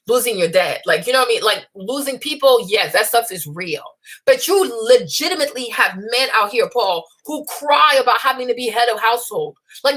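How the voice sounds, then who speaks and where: A young woman with a high, bright voice hosts her own talk stream. She lectures bluntly and scolds her listeners, launching into animated rants and mocking the people she quotes. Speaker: host. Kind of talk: unscripted opinion livestream.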